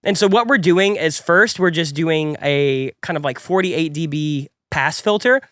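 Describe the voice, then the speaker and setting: A man's voice: a little high, a little slow, fairly bright tone, dry recording, studio quality. A young man with a stuffy, cold-affected voice, hosting a music production tutorial in an upbeat, chatty, rambling way. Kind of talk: casual tutorial talk.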